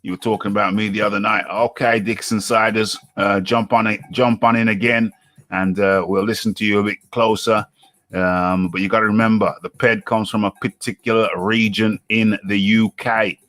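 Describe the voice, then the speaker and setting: A male host of a live-streamed talk show, chatting freely and breaking into laughs. His fairly low voice has a forceful, bright edge and sounds close and dry. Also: flat delivery, normal speed, no echo.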